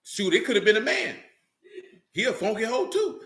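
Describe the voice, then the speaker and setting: A man's voice: sits high, big pitch swings, moderate pace, fairly bright tone. A man talking casually and bluntly, full of profanity, who keeps asking "you know what I'm saying". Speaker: religious group speaker. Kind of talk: casual unscripted talk. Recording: roomy echo.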